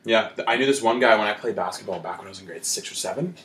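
A young man from Canada tells relaxed sports stories in casual chat, now and then acting out quotes. His voice is on the low side. The room adds a clear echo. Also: rapid-fire. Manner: relaxed storyteller, acts out quotes with sudden shouts.

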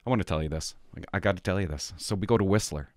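A man's voice: deep voice, very fast, a little mellow, no echo, studio quality. A middle-aged man vlogging, telling rambling stories in casual chat with many restarts.

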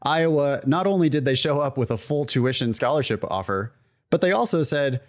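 A man co-hosts a casual podcast, talking in a loose, chatty way. He jokes and drops quick asides as he goes. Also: medium pitch, lively intonation. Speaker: podcast co-host.

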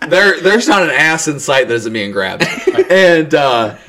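A man's voice: on the high side, very animated, a little slow, bright, forceful tone. A man telling a rambling, crude story in a casual podcast chat, laughing often as he goes. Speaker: podcast co-host.

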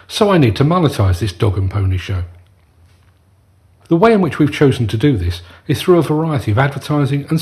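A middle-aged man hosts his own podcast and reads a prepared rant. He sounds furious and stresses his points hard. His voice sits at an ordinary middle pitch. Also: darkish tone. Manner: angry, emphatic ranting delivery. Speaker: podcast host. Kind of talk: scripted podcast monologue.

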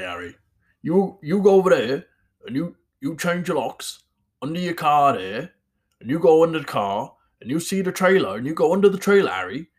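A man's voice: a little high, breathy edge, pitched above the performer's own voice. Hagrid, as a man puts him on, rambling West Country giant. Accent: West Country, as put on. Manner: rambling and coaxing.

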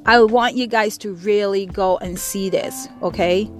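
A woman's voice: medium pitch, a little slow, faint music behind. A middle-aged woman from the Caribbean hosting a show and delivering an angry, profane monologue that pounds her points through repetition. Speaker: podcast host. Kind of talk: impassioned monologue.

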